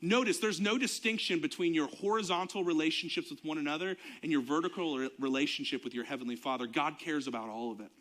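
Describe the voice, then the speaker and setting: A man's voice: a little high, fast, hardly any pauses, fairly bright tone. A young adult man, preaching a sermon to his congregation in a conversational way, with fillers and asides. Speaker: pastor.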